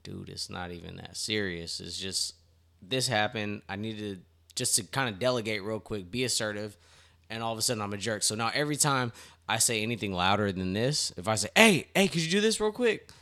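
A man's voice: lowish voice, a little fast, vocal fry. A man co-hosting a casual podcast, explaining his point at length and acting out what other people say. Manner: animated storytelling with acted-out quotes. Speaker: podcast co-host. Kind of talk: casual group chat.

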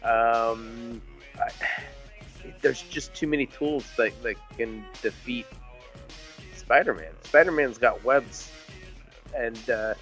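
Bright-voiced swearing man, casual. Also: medium pitch, faint music behind. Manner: swears freely, halting with restarts. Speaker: podcast co-host. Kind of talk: casual chat.

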